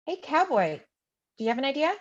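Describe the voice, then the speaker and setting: A woman reading the part of an eager young aspiring writer who leads the group, full of quick questions, in a live play reading. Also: sits high, sing-song, muffled recording. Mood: excited.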